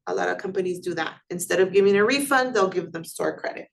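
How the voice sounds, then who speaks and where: A woman's voice: medium pitch, expressive, brisk, vocal fry. A woman instructor giving a classroom lecture in a conversational way, often putting questions to her students.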